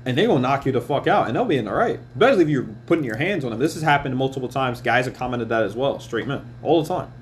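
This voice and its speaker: Guy ranting on his podcast, swears a ton, blunt and worked up, mid pitch, faint hum behind him. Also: fast talker, hardly any pauses. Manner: blunt, heavy swearing, animated storytelling. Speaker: podcast host. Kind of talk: casual monologue rant.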